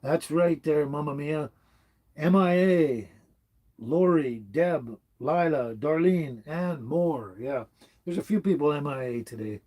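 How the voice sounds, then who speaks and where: A man's voice: a little high, slow pace, darkish tone. A man in his seventies from Canada hosting a casual livestream, rambling along as he reads out viewers' comments. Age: 70s. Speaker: livestream host. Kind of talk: casual live-stream chat.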